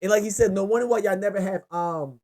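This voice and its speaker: A man with a high voice talks fast as he hosts his own sports picks show. Cursing and rambling loosely, he runs through the games in a lively, unscripted, casual monologue.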